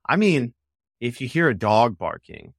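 A man answering interview questions about cold calling, energetic, slipping into quoted call snippets. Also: medium pitch, a little slow, creaky, husky, no echo, clean studio sound. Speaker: sales expert guest.

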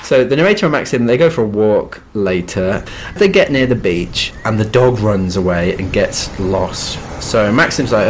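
A man co-hosting a podcast, talking through a classic novel in an easy, conversational way. His tone is dry and a little wry, and he drops in quick asides as he goes. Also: on the low side, expressive, slight background noise. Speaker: podcast co-host. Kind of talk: casual literary chat.

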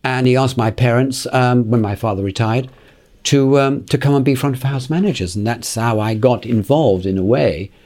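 Older gentleman, eighties, mid-pitched voice; rambling, chuckling anecdote-teller who trips over his words. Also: moderate pace. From England. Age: 80s. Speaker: interview guest. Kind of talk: anecdotal storytelling in conversation.

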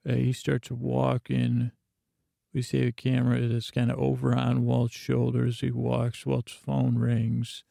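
A man's voice: mid-range voice, a little slow, dry recording, clean studio sound. A man hosting a podcast, giving a meandering bedtime recap full of fillers. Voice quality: gravelly. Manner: meandering, monotone, filler-heavy. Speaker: podcast host.

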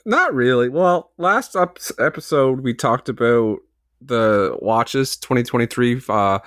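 A man in his forties co-hosts a podcast, telling a long, self-mocking story in casual chat, full of filler words with the occasional swear. His medium-pitched voice is fairly bright with lively intonation and a slightly slow pace, in a dry, studio-quality recording.

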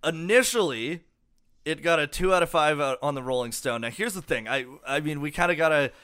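A man's voice: on the high side, lively intonation, fairly quick, fairly bright tone, clean tone, no room sound, clean studio sound. A young man co-hosting a casual album review podcast, swearing a lot and rambling with fillers. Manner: profane, rambling, lots of fillers. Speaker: podcast co-host.

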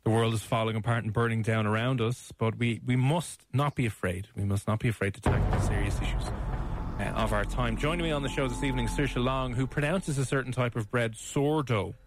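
A man's voice: medium pitch, a little fast, a little hiss or hum. A man with an Irish accent hosting a radio show, teasing his co-host in casual, playful banter. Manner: teasing, playful, mock-outraged.

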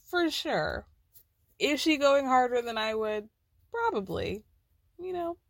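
A woman's voice: high voice, sing-song, takes it slowly, no room sound, studio quality. A woman hosting a podcast who recaps reality TV in a chatty way, full of "like" and light laughs. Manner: chatty, peppered with "like" and giggles. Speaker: podcast host. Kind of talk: casual TV recap.

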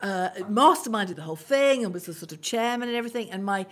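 A woman's voice: mid-range voice, lively intonation, fast. A woman in casual chat, sympathetic and chatty, telling family anecdotes.

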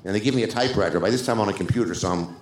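A man guest telling a behind-the-scenes story in an animated way, acting out other people's lines. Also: fairly low pitch, racing. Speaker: screenwriter guest. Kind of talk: anecdotal storytelling. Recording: roomy echo.

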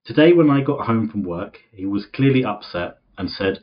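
A man's voice: lowish voice, lively intonation, normal speed. A young man co-hosting a podcast, reading a post aloud in a jokey way and laughing often. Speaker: podcast co-host. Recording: dull lo-fi audio from the wrong microphone.

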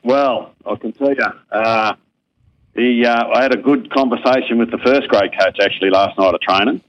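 An Australian man calling in as a regular guest, spinning easygoing, self-mocking yarns. His voice sits at a middling pitch and comes through a phone line. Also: moderate pace. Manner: laid-back, self-deprecating yarn-spinner. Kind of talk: casual storytelling.

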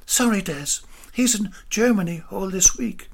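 A man voicing a playful, bold young woman who giggles and shrieks, with a breathy, raspy voice. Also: sits high, expressive, unhurried, voice pushed up, exaggerated voice. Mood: giggly.

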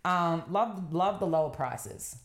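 A woman's voice: fairly low pitch, lively intonation, takes it slowly. A woman telling a rambling story in casual chat, swearing and acting out what others said. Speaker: podcast co-host. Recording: roomy echo.

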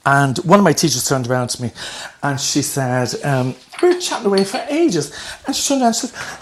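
A middle-aged man telling his life story candidly in an interview, animated and swearing freely. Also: fairly high pitch, a little fast, a little hiss or hum. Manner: animated, swears freely, acts out voices in anecdotes. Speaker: guest.

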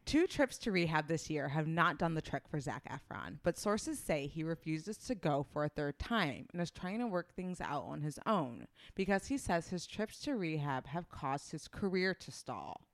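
A woman's voice: deep voice, sing-song, moderate pace, hardly any pauses. A woman co-hosting a podcast, chatting casually and sarcastically about celebrity gossip, full of "like" fillers. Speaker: podcast co-host.

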